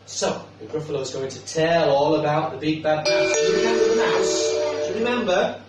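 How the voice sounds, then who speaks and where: A man reading a picture book aloud to children, animated and asking the child questions as he goes. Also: fairly high pitch, normal speed, faint music behind. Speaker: storyteller. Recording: echoey room, mic far off.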